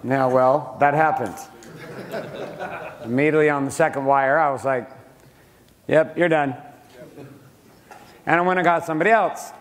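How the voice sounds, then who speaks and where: A man's voice: fairly high pitch, brisk. A middle-aged man giving a blunt, profane motivational business talk to a live audience, swearing freely and throwing questions at the room. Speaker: speaker teaching a room of men.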